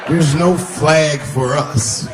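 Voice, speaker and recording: A man doing stand-up comedy, telling a long profane story in a conversational way, swinging his pitch up for emphasis. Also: extremely slow, over a noisy crowd, very noisy.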